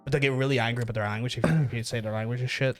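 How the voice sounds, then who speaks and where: A man's voice: mid-range voice, steady tone, racing, faint music behind. A Northern Irish man co-hosting a comedy talk show, ranting in sweary casual banter and often restarting his sentences. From Northern Ireland.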